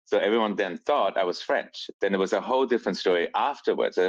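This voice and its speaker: A man's voice: fairly low pitch, fast, hardly any pauses, no echo, lo-fi sound. A man from Austria, a brand founder telling stories as a podcast guest and acting out quoted lines. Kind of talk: casual storytelling.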